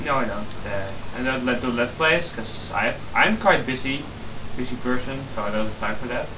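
A man's voice: medium pitch, lively intonation, normal speed, distant mic, background noise. Joking man playing games with a friend. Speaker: let's play co-player. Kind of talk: casual gaming banter.

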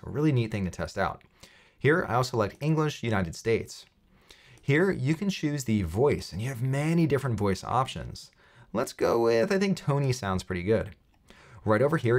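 A man hosting a software tutorial, walking through steps in an upbeat, explaining way with light jokes. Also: mid-range voice. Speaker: tutorial host.

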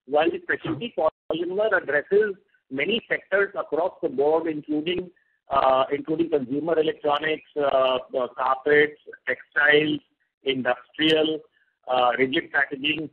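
A company executive answering analyst questions on an earnings call in a measured, reassuring way. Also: male voice, on the high side, gravelly, husky. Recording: tinny phone line.

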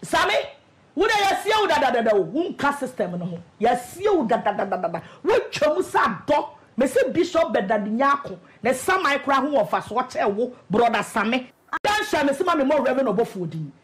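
A woman's voice: sits high, very animated, a little fast, slight background noise. A woman with a Ghanaian accent hosting a show. She gives emphatic, scolding commentary. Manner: emphatic, scolding, laughing now and then. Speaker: host. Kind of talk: animated commentary.

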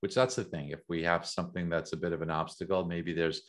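A middle-aged American man talking as an interview guest, thoughtful and measured, often repeating words as he thinks. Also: deep voice, little pitch movement. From United States. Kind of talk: reflective interview talk.

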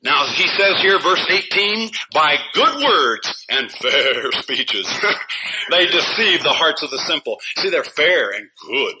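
A fiery male pastor with a fairly high voice preaches to his church in a scolding tone. His sermon jumps to loud bursts and dry chuckles. The old recording carries a steady hiss under his voice. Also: slow.

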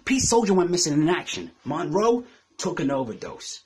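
A man's voice: on the high side, sing-song, moderate pace, a little mellow, slightly rough. A man from England delivering a battle rap verse, taunting his opponent with aggressive insults. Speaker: battle rapper.

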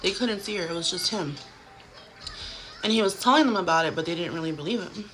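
A woman's voice: on the low side, brisk, a bit bright, soft background music. A woman in her thirties telling a haunting story to a phone camera at home, casual and chatty, full of "like" fillers. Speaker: vlogger.

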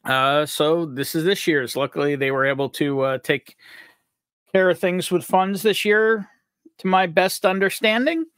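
A man's voice: on the high side, steady tone, measured pace, a bit bright, clear, resonant tone, no room sound, studio quality. A man from upstate New York hosting a live stream, upbeat and jokey as he greets viewers by name. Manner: upbeat, jokey, reads out chat names. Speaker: livestream host.

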